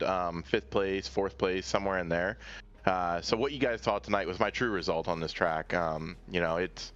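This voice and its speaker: A man with a fairly deep voice talks through his race in a loose, hesitant way, stopping and restarting as he looks for words. Faint music plays in the background. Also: fairly bright tone, clean tone, highs cut off. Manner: hesitant, many fillers and restarts. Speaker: racing driver being interviewed. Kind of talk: casual post-race interview.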